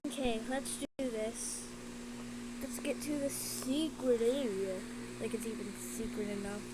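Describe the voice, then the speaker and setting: A woman's voice: a little high, fairly even intonation, unhurried. A young woman doing casual commentary on a game, jumpy and frightened, often repeating herself. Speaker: gaming video creator. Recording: loud background noise.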